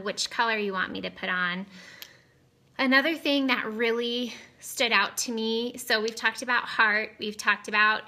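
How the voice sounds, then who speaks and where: Woman, 30s, bright voice, chatty, giggly, rambling, live stream to camera. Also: medium pitch. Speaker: cosmetics seller streaming live. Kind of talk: casual live-stream chat. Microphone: webcam or phone on camera.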